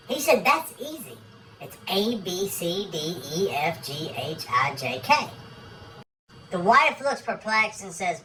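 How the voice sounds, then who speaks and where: A woman reels off one-liners and crude jokes with a dry, matter-of-fact delivery, leaning on her punchlines. Her voice is bright and a little sharp. She sits a bit back from the mic, with a faint hiss of noise behind her. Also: mid-range voice, big pitch swings, takes it slowly, far from the mic, rough recording. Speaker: joke teller. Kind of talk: deadpan joke telling.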